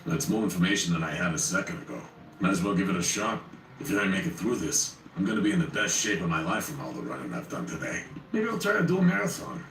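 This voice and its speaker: A man with a deep but animated, bright voice tells a first-person horror story with wry asides. He sounds set back from the mic in a roomy space, with faint ambient noise. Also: quick pace, gravelly, recorded from a distance. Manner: wry, conversational.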